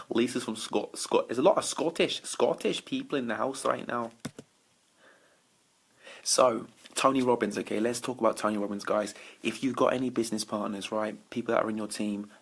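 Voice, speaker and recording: A man's voice: fairly low pitch, gravelly, a bit bright, breathy edge. A man doing a late-night Facebook Live as a motivational speaker, talking energetically to viewers and greeting them by name. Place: indoors at night. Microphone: phone or webcam for a live stream.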